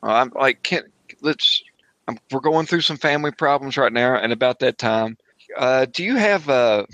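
A man's voice: medium pitch, expressive, normal speed, fairly bright tone, no echo, close to an everyday voice, low-quality recording. A man voicing a crude, defensive middle-aged pawnshop owner and father who rambles, swears and gets flustered in a tabletop game. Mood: evasive.

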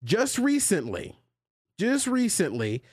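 A male podcast host in casual chat, animated and joking with his co-hosts as he reads out a listener letter. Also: high-pitched, slow, no echo, studio quality. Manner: animated, jokey banter with co-hosts.

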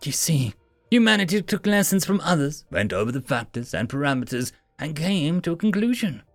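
A man voicing a mocking, shapeshifting female machine envoy who talks slowly and teasingly. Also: a little high, big pitch swings, no room sound, faint music behind. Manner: smug, teasing, slow and deliberate.

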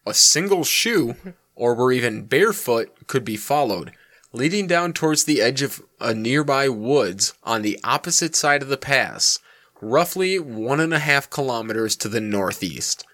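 A man's voice: mid-range voice, expressive, a little slow, sharp tone. A man hosting a casual podcast, reading out a mystery story and swearing freely between the joking banter. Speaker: podcast host telling the story.

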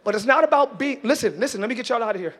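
A man preaching a sermon in church as pastor, acting out everyday scenes and shouting his points to the congregation. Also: very high-pitched, expressive, racing.

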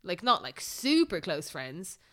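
A young Irish woman co-hosting a podcast in casual, animated chat. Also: lowish voice, a little slow. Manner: animated, exclaiming, relaxed. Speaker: podcast co-host.

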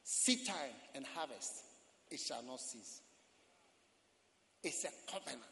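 A man preaching a sermon as pastor, quoting scripture and breaking into dramatic shouts. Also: mid-range voice, expressive, takes it slowly, gravelly, a little hiss or hum. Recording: long hall reverb.

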